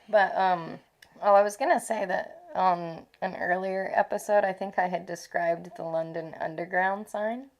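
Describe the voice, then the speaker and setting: A woman's voice: fairly low pitch, steady tone, unhurried. A woman co-hosting a casual travel podcast, telling stories loosely with frequent laughs and swearing. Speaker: podcast co-host. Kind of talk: casual chat.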